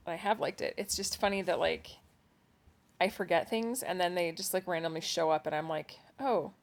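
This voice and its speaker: A woman's voice: fairly low pitch, steady tone, normal speed. A woman co-hosting a podcast from home, chatting casually and laughing at herself. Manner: chatty, self-deprecating, laughs often. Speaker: podcast co-host. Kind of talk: casual chat. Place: home at night, kids asleep nearby.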